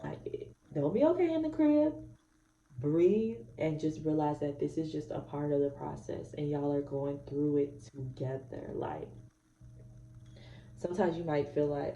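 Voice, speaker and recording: Young mom vlogger, low-set dark mellow voice, outspoken and emphatic, recorded off-mic in an echoey room. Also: female voice, expressive, a little slow, recorded from a distance, muffled recording, a little hiss or hum. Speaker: mom vlogger giving advice. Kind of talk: candid casual monologue. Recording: roomy echo, voice off-mic.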